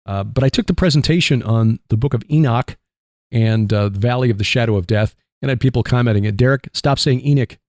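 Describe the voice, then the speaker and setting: A man with a Midwestern accent hosting a casual Christian radio talk show, rambling and halting with fillers. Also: mid-range voice, a little mellow, dry recording, clean studio sound. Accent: Midwestern American. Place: barn studio.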